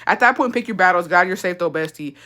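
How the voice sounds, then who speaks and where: A woman's voice: on the low side, fast, pushed and bright. Young woman, from Texas, livestream storytime, blunt, swears constantly, slips into Spanish. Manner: profane, blunt, mixes in Spanish phrases. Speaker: livestream host. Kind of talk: casual livestream chat, storytime. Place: indoors, livestream.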